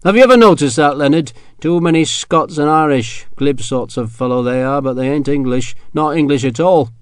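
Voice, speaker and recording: A cold, lordly officer with a curt, scornful way of talking, barking orders loud and high, as a man narrating puts him on. His lines are dry and close, with no room around them. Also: moderate pace, clear, resonant tone, no room sound, lightly acted. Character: tall, cold, scornful male English officer.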